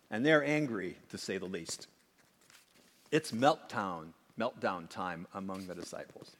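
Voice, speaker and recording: A man preaching a sermon, swinging from emphatic acted-out quotes to hushed asides. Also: low-pitched, measured pace. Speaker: pastor. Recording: long hall reverb.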